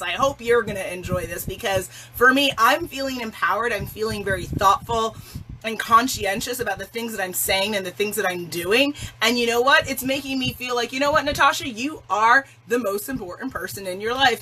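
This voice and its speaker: Female livestream host, casual and emphatic, laughs often, bright forceful tone. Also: a little high, slight background noise, poor audio. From Jamaican family. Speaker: self-love challenge host.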